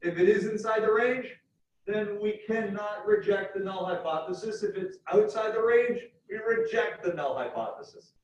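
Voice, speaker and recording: A man lecturing a university class, explaining step by step and repeating key points slowly. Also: high voice. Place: lecture hall. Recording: echoey hall from far off, dull.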